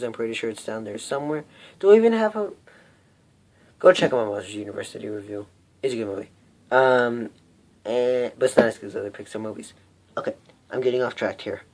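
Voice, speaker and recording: A teenage boy telling a personal story in an unscripted vlog, rambling and self-mocking, hot and sweaty. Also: mid-range voice. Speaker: vlogger.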